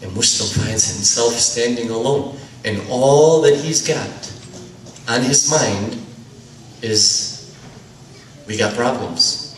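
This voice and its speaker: A man delivers a story-driven sermon in a fairly low voice. He sounds far from the mic, in a roomy space with a faint background hum. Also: takes it slowly, long pauses. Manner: dramatic narration, acts out dialogue. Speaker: lecturer. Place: lecture hall.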